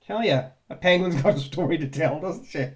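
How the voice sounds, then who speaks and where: A man's voice: on the high side, a little fast. A man, chatting sarcastically as he reads out and answers viewer comments, rambling and laughing often. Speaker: ex-Jehovah's Witness vlogger. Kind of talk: casual commentary on reader comments.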